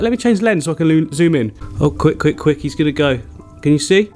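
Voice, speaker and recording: A man hosting a casual aquarium vlog, chatty and excitable, laughing often. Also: on the high side, brisk, faint music behind. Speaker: aquarium vlogger.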